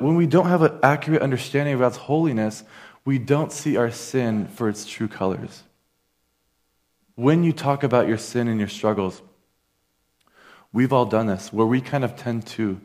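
A man's voice: mid-range voice, animated, moderate pace, a little mellow. A man preaching a sermon in an earnest, conversational way, talking straight to his listeners.

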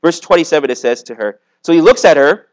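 Speaking quickly and expressively in a slightly high voice, this man, likely a youth pastor, delivers a relaxed sermon to young listeners gathered in a meeting room. He keeps it conversational, leaning on "like" and "okay?" a lot. The recording is low quality.

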